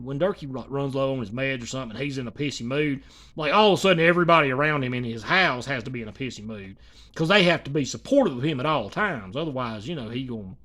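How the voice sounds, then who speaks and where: A man's voice: fairly high pitch, a bit bright. A man rambling in casual reaction commentary, swearing and full of fillers.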